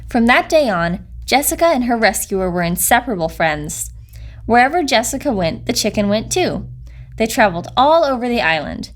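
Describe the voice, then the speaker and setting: A woman reading a children's picture book aloud with gentle, expressive storytelling. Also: fairly high pitch, moderate pace. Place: recording studio.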